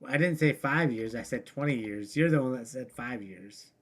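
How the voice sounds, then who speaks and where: A man's voice: mid-range voice, moderate pace. A man co-hosting a casual online news chat over a remote call, loose and full of fillers. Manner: loose, filler-heavy, laughs often. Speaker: podcast co-host.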